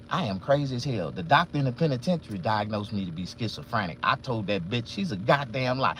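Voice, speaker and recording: Animated, profane man ranting in a car. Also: fast, hardly any pauses, a little hiss or hum. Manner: animated, profane, swings between loud outbursts and low muttering. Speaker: vlogger and barber. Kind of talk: casual live-stream rant.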